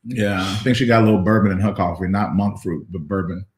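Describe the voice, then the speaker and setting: Playful teasing pastor, roomy sound. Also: male voice, fast. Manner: playful, teasing, breaks into song in falsetto. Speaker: pastor and host. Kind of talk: casual livestream chat.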